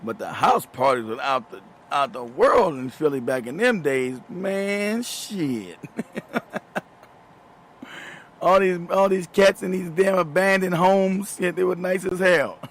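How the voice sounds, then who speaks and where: A man in his fifties hosts a show with a high-pitched, animated voice at a slow pace, over a slight hiss or hum. In a casual monologue he tells loose, profane stories, laughing often and repeating himself.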